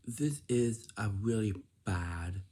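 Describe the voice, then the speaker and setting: A man's voice: fairly low pitch, expressive, takes it slowly, warm tone. A man giving earnest, informal advice to his viewers, speaking to them directly and repeating his points. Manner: earnest, repetitive, instructing the listener directly. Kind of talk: informal explanatory talk.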